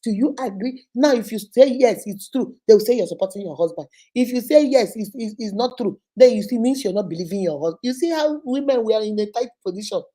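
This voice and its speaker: Animated Nigerian woman vlogger. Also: fairly high pitch, a little fast, hardly any pauses. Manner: animated, acts out every character's lines; speaks straight to the viewers with warnings. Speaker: host. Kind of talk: storytelling advice vlog.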